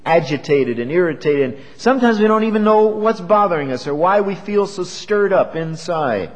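Man, preacher, earnest sermon, lively rising and falling voice, fairly high, long hall reverb. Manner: earnest, measured, with rhetorical questions.

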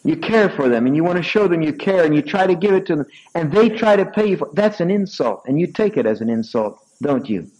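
A man's voice: fairly high pitch, a little fast, few pauses, rough recording. An older man, a pastor, preaching a sermon, telling a personal story and driving points home with sudden emphatic peaks. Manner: storytelling, animated swings from soft asides to raised emphatic peaks. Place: church sanctuary.

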